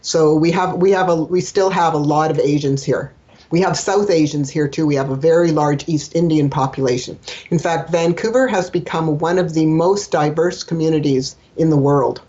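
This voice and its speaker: A woman from Canada, a guest on an interview podcast, explaining things in a steady, friendly way. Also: low voice, moderate pace, dull audio. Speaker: guest, dental hygienist and communication trainer. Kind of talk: casual interview chat.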